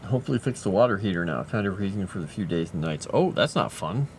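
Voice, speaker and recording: A man's voice: deep voice, lively intonation, quick pace, a little hiss or hum. A man chatting casually on a livestream, talking fondly to his pet and his viewers. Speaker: livestreamer and fantasy lore writer.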